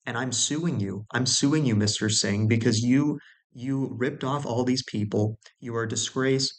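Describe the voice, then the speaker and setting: A man's voice: mid-range voice, unhurried, lightly acted. A man voicing an insistent woman lawyer who accuses him over the phone, in his own everyday voice. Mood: accusing.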